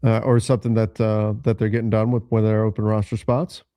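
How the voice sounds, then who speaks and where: A man hosting a live basketball show, giving emphatic, measured opinions on trades. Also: on the low side, flat delivery, dark tone, no echo, clean studio sound. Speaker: podcast host. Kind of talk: live basketball analysis chat.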